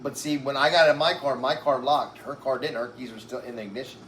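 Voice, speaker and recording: Telling a long story casually in an interview, a man rambles and swears, filling his speech with "like" and "right?" His medium-pitched voice is steady, fast, and slightly bright, though he's a bit breathless and uses oxygen. The room echoes, with faint background noise.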